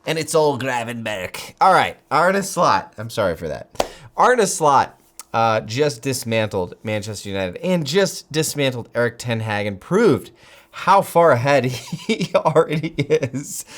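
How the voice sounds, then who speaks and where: Excitable man with a lively, swooping voice. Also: medium pitch, unhurried. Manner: excitable, gushing, jokey, laughs often. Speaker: football fan channel host. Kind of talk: excited fan commentary to camera.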